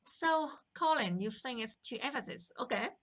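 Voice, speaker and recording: A woman's voice: a little high, lively intonation. A woman teaching a language lesson on a live stream, explaining patiently and greeting viewers from the chat. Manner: slow, patient explaining with chat shout-outs.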